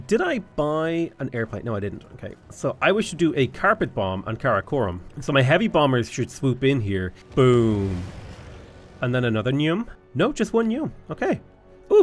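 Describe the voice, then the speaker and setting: An Irish man in his twenties or thirties talks through a strategy game in a casual, excitable let's-play style. His voice sits mid-range. Faint game music hums underneath. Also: medium pitch. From Ireland. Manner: chatty, thinks aloud, enthusiastic. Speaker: gaming YouTuber.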